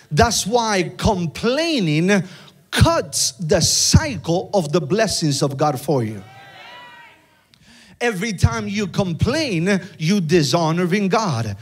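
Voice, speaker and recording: A man's voice: high voice, breathy edge. A man preaching a sermon in a church, using call-and-response with the congregation. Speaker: pastor. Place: church sanctuary with live congregation.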